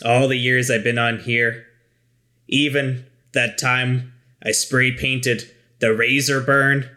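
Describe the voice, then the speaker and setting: A man voicing a crabby, mean male pirate sailor who talks gruffly. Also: medium pitch, level tone, slow pace, sharp tone. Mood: worried. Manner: gruff and scolding.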